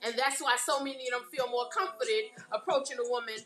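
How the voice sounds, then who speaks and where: Chatty bright-voiced Brooklyn woman. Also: on the high side, quick pace, reverberant, soft background music. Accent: Brooklyn New York. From Brooklyn, New York. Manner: chatty, often checks in with the audience. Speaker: poet hosting a live stream. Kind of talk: casual live-stream talk.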